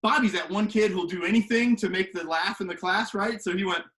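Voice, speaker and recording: A man telling a story to the camera from his home kitchen, animated and swinging from hushed to loud. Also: high-pitched, brisk. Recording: echoey kitchen room.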